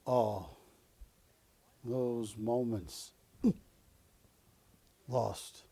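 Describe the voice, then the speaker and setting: A man doing a dying android's hushed farewell. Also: mid-range voice, fairly even intonation, slightly rough, voice pushed down, full character voice. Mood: solemn. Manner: hushed, slow, grave quoting of a film speech. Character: dying male android, solemn and weary.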